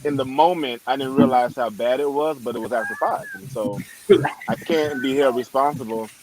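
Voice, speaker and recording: A man's voice: mid-range voice, wildly swooping pitch, moderate pace, a loud crowd, rough recording. A middle-aged man, a pastor and guest, chatting in an emphatic, self-mocking way over a video call. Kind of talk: casual video-call chat.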